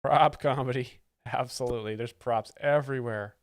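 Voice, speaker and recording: In casual live-stream commentary, a male comedy host explains stand-up jokes as a sarcastic faux expert. He speaks at normal speed with a mid-range voice and fairly even intonation, in studio quality with no room sound.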